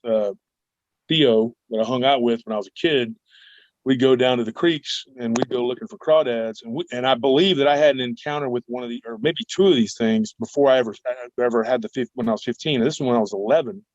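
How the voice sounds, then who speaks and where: Animated male storyteller, dull audio. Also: mid-range voice, fairly quick, no echo. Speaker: guest cryptid researcher. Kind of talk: storytelling interview. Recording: dull dry remote recording.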